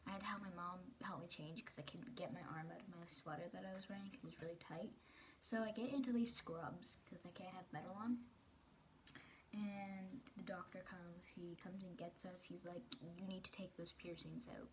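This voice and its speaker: A woman's voice: lowish voice, steady tone, normal speed, slight background noise. A teenage girl vlogging, telling a personal story in a casual, chatty way, full of "like" and quoting the people in it.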